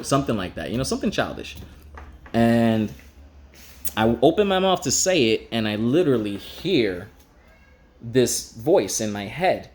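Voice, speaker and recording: A middle-aged man telling a personal story in a casual, frank way, acting out the people he quotes with a raised pitch. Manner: casual, frank, occasional swearing.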